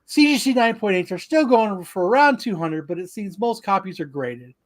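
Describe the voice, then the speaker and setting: Man co-hosting a podcast, high voice, reads out sales notes, casual, joking, swears freely. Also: lively intonation, moderate pace. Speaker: podcast co-host.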